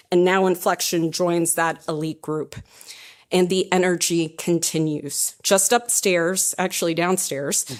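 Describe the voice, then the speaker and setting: A woman, the head of an economic development group, giving an upbeat prepared speech at a press conference and working through lists of thanks. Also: lowish voice. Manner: upbeat, reads thank-you lists, laughs at own jokes.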